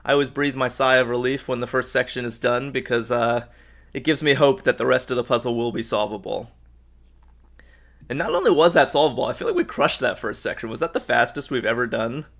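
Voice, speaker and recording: A man's voice: mid-range voice, a little fast, a bit bright. A man hosting a live crossword stream, thinking aloud in an upbeat way and reading out viewers' answers. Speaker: host of a live crossword solve. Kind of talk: live-stream puzzle solving, chatting with viewers.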